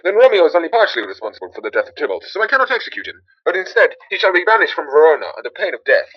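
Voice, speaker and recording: A man's voice: on the high side, sing-song, racing, no echo, dull audio. A man voicing a stern prince pronouncing judgment in an amateur animation, in a raised, commanding way.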